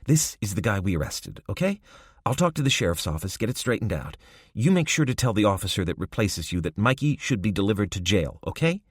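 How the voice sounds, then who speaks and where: A tough, impatient woman detective, voiced by a male reader, lifted above his low voice with a lively, rising delivery. Blunt and clipped in an audiobook, recorded dry and close. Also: fairly quick, no room sound. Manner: firm, clipped questioning. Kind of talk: audiobook character voice.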